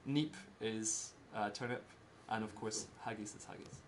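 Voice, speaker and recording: A Scottish man giving a casual talk to a small group, in simple slow words and laughing often. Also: on the low side, slight background noise. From Scotland. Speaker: presenter giving a talk about Scotland.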